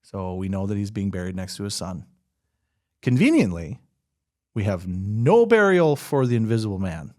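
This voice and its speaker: A man hosting a podcast, chatting casually about a film, animated and quick to laugh. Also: lowish voice. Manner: animated, laughs often, jokey asides. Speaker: podcast host. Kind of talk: casual chat reviewing a film.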